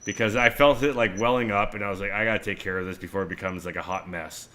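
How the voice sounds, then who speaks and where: Male co-host, animated storyteller, bright tone, lowish pitch. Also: quick pace. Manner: animated, acts out quotes loudly. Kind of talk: casual chat, storytelling.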